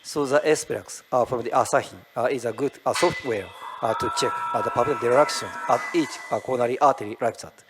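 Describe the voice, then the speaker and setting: Male conference moderator, mid-pitched, probing questions, plenty of fillers. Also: fast talker, noisy background. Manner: asks questions, with many fillers. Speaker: session moderator. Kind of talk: moderating a live case discussion.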